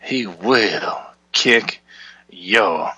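A man playing a bombastic fire-and-brimstone televangelist pastor in a parody sermon, preachy and booming. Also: very slow, bright, forceful tone, husky, no room sound, lo-fi sound, heavily acted. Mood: fiery. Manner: preachy, booming, asks for donations. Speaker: comic radio preacher.

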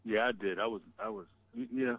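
A man's voice: on the low side, fairly even intonation, brisk, slightly rough, no room sound. A man calling in as a guest to a casual political talk show, emphatic, swearing and repeating himself. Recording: tinny phone line.

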